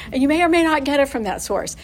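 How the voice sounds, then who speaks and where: A woman's voice: high voice, lively intonation, fast talker, a little hiss or hum. A middle-aged woman giving a conversational Bible teaching to other mothers, laughing often and asking her listeners questions.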